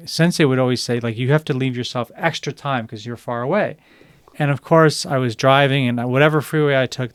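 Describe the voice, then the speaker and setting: A man co-hosting a podcast, telling a story in a relaxed, chatty way with quoted dialogue. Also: medium pitch, clear, resonant tone, no room sound, clean studio sound. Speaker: podcast co-host. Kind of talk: casual storytelling chat.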